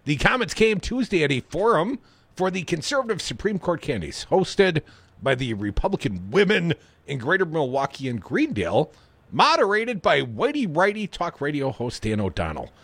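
A man's voice: on the high side, big pitch swings, normal speed, creaky, fairly bright tone, husky, dry recording. A man hosting political talk radio, reading news and adding sarcastic, opinionated asides.

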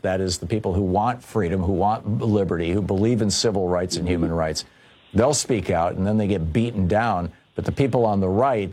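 A male radio talk host with a low-set voice. He mocks the headlines with dry sarcasm, then turns earnest and worried, stumbling and restarting as he thinks aloud. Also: darkish tone. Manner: halting, with repeated restarts. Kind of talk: political call-in radio talk.

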